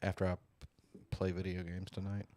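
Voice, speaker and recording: A man's voice: deep voice, completely flat delivery, normal speed, dark tone, no room sound, clean studio sound. Rambling, swearing middle-aged man. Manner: rambling, swearing, laughing storyteller. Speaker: podcast host. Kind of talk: casual chat.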